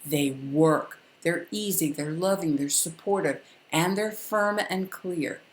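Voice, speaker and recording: A calm older woman teaches parents in a firm, instructive way, spacing her points with deliberate pauses. Her voice sits a little low, and the room around her sounds echoey. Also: a little hiss or hum. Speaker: parenting educator. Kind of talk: direct-to-camera parenting lesson.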